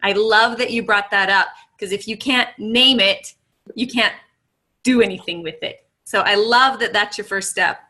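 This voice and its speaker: A woman's voice: medium pitch, normal speed, sharp tone. A woman teacher who thanks a guest speaker and talks to her students in an upbeat, appreciative way. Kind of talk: class talk to students.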